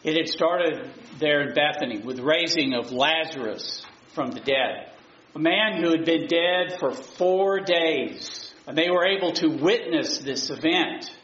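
A pastor preaching a sermon in a church, retelling the story in a plain, conversational way. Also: male voice, a little high, unhurried, a bit bright. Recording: roomy, muffled church recording.

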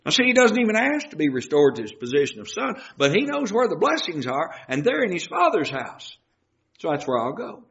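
Lively homespun preacher, echoey lo-fi. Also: male voice, high-pitched, a little fast, vocal fry, few pauses. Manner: lively, homespun, uses everyday illustrations. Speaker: Bible teacher. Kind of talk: folksy Bible teaching sermon. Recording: roomy, dull lo-fi recording.

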